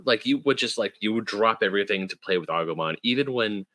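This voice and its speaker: A man co-hosting a podcast in casual chat, animated, often jumping into high quoted voices. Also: brisk, hardly any pauses, no echo. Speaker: podcast co-host.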